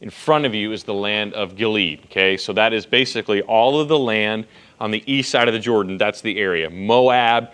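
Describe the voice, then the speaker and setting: A man's voice: lowish voice, moderate pace, a bit bright, clear, resonant tone. A man teaching a Bible passage to a group in a casual, conversational way. He checks in often with "okay" and "right.". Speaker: pastor teaching a Bible study.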